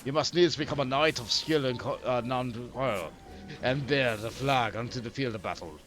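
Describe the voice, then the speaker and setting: A haughty old nobleman, as a man reads him aloud from a game, speaks in a low, muted drawl that sits well below the reader's own voice. He sounds pompous and weary, heavy with old-fashioned phrasing. Soft music hums faintly behind him. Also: lightly acted. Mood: disdainful. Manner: pompous, archaic, slow and heavy. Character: haughty older noble father, disdainful. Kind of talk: reading game dialogue in character.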